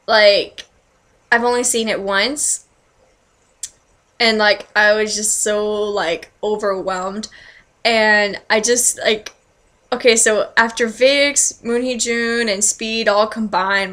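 A young woman chatting casually in a reaction video, gushing and excitable, full of "like" and "oh my god" fillers. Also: mid-range voice, takes it slowly. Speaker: reaction vlogger. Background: music playing.

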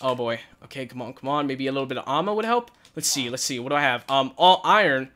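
A young man wearing a headset, giving nervous, excited gameplay commentary and crying out in panic as he plays. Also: medium pitch, fast talker. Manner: nervous, shouts and cries out in panic. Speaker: gaming channel host. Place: hot room at home.

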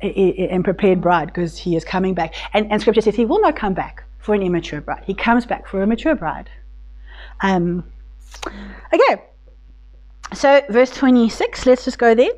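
Animated woman teaching a Bible study. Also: medium pitch, moderate pace. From South Africa. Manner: warm, animated, many restarts, voices God tenderly.

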